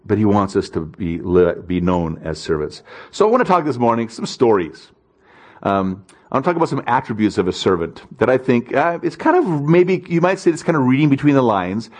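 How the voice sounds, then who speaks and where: A man delivering a sermon at an ordinary pitch, sounding like he is chatting rather than orating. He tells stories with a self-deprecating touch and slips into the voices of the people in them. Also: darkish tone. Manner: conversational, self-deprecating storytelling; acts out quoted voices in stories. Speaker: pastor.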